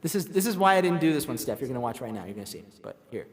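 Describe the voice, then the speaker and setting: A man's voice: mid-range voice, sing-song, racing, big-room sound, faint music behind. A man hosting a casual livestream. He rambles, reads out the chat and pokes fun at himself. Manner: rambling, self-deprecating, reads chat aloud. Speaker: livestream host.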